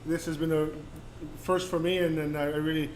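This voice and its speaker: A man's voice: on the high side, flat delivery, brisk, darkish tone. A man chatting as a guest author on a cooking show, enthusiastic, often stumbling and repeating words. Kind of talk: casual chat. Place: kitchen studio. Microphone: condenser mic. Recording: echoey room, faint background noise.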